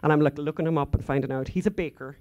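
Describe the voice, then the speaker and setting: A woman's voice: sits low, rapid-fire, a little mellow, muffled recording. Irish woman on a conference stage: chatty storyteller, digresses freely with fillers. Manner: chatty, rambling, frequent asides and fillers. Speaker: conference speaker. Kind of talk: anecdotal conference talk.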